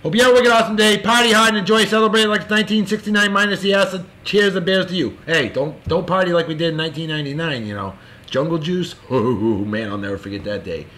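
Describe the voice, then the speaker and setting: A man hosting a casual show, giving boisterous, jokey birthday shout-outs in a folksy way. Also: high voice, fast talker, slight background noise. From California. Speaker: show host.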